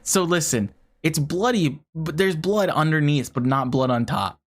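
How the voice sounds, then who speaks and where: A game streamer giving casual live commentary, talking a puzzle through out loud and swearing often in frustration. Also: medium pitch, lively intonation, unhurried.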